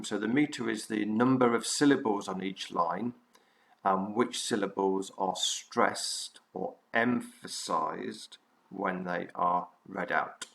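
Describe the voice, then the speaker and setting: Man, teacher, gravelly low voice, explaining a lesson, hesitant with fillers. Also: fairly bright tone. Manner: explanatory, halting with frequent fillers. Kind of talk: recorded revision lesson.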